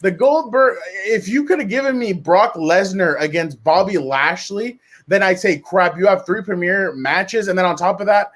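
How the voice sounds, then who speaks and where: A man co-hosting a casual sports round table, talking in an excited, rambling way with quick restarts. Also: sits high.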